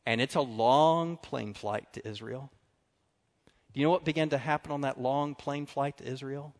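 A man preaching a sermon, telling stories with animated swings between loud and quiet. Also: medium pitch, moderate pace. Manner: animated storytelling, drops to quiet confessional tones. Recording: long reverb of a large hall.

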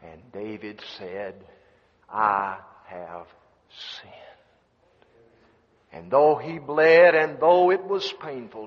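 A man preaching a sermon in a folksy storytelling manner that rises into emphatic bursts. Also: mid-range voice. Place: seminary hall. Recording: dull lo-fi echoey hall recording.

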